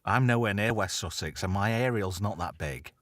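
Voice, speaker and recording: A man's voice: fairly low pitch, moderate pace, fairly bright tone, dry recording, studio quality. A man hosting a casual online chat show, brash, sweary and mocking in manner. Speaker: radio presenter and stream host.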